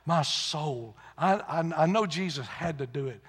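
A man preaching a sermon with passion, moving from loud emphatic build-ups to hushed, quiet asides. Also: a little high, lively intonation, measured pace, hardly any pauses, breathy edge, long reverb tail.

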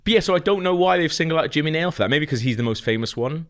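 A man's voice: on the high side, animated, very fast, a bit bright. A young man co-hosting a casual comedy chat, rambling with lots of laughs and teasing asides. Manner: rambling, laughs often, stirs the pot. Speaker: podcast co-host.

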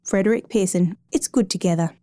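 A woman's voice: medium pitch, brisk, warm tone, dry recording, studio quality, natural voice. A woman voicing a plainspoken, earnest husband hoping to adopt a boy, in a storybook reading.

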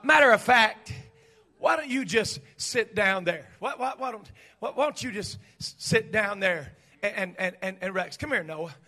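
A coaxing false prophetess murmurs soothing reassurances, a man putting her on in a sermon. The voice is high and bright, but drops to a hush with stammered repeats. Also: expressive, normal speed, exaggerated voice. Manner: hushed, soft, wheedling with stammered repeats. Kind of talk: preaching with acted illustration.

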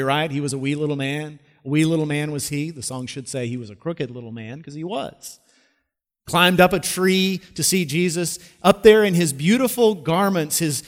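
A pastor preaching a sermon, telling stories and dropping from loud emphasis to hushed, slow lines. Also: male voice, mid-range voice. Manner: storytelling preacher with wide swings between loud and hushed. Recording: long reverb of a large hall.

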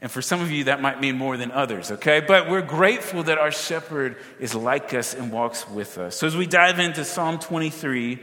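A man preaching a sermon, energetic, throwing questions and asides to the congregation. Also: fairly high pitch, moderate pace, few pauses, big-room sound. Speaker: pastor.

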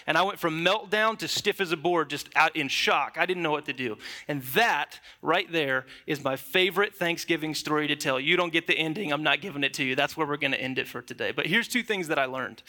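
A young man preaching a sermon, opening with a lively, conversational personal story before moving into scripture. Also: fairly high pitch. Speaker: pastor. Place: church.

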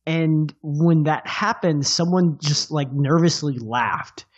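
A man's voice: fairly high pitch, takes it slowly, breathy edge, lo-fi sound. A man on a podcast panel talking about a film in a rambling, casual way, full of "like" and restarts. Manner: rambling, filler-heavy, amused.

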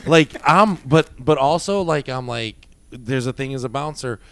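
A man in his thirties telling club stories in loose, profane chat. He is animated and jumps into loud acted quotes. His everyday voice sits at a middling pitch. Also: moderate pace, smooth, no room sound. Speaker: former bouncer telling stories. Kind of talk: casual storytelling chat.

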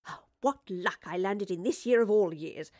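A woman voicing an eccentric, brisk female professor in an audiobook. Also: mid-range voice, a little mellow, no room sound, studio quality, lightly acted.

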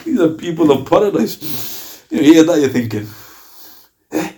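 Mellow-voiced man preaching. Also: a little high, a little fast. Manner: lively, joking, laughs often, acts out dialogue. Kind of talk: informal religious talk.

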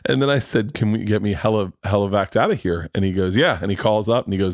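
A man hosting a podcast in casual chat, telling stories in an animated way with frequent swearing and laughter. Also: on the low side, a little fast, dry recording, clean studio sound. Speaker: podcast host.

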